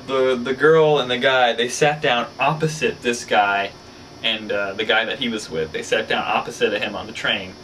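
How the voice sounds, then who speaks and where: A show host casually tells a rambling story full of fillers, his mid-range voice pushed and bright. The mic is slightly distant, picking up faint ambience and a bit of background noise.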